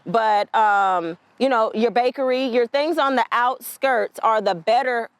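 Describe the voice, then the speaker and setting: A woman's voice: on the high side, unhurried, no echo. A woman giving a documentary interview, telling stories emphatically with frank asides.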